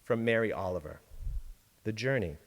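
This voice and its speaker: A man giving a sermon-style reflection from a church pulpit, measured and deliberate, with dramatic pauses. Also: on the low side, animated, in a large hall. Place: large church sanctuary.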